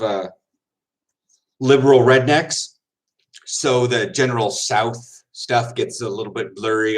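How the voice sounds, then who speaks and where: A football player chats casually on a livestream, answering viewer comments in a mid-range voice. He rambles in a relaxed way, tossing in quick asides and laughing often.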